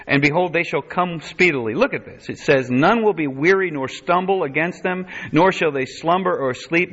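A male pastor preaches a sermon, working through scripture verse by verse and breaking in with wry asides. His voice is bright and forceful. The recording is dull and lo-fi, with the top end muffled. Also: on the high side.

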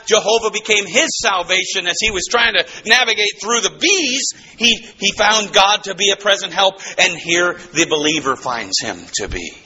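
A man preaching a sermon, swinging between soaring exclamations and hushed low asides. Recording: slightly dull, faintly noisy recording.

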